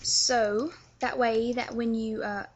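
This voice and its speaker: Slow and fairly flat in pitch, her slightly high voice carries over faint background noise. She is a young English vlogger with a London accent, giving a casual, chatty accent tutorial sprinkled with filler words.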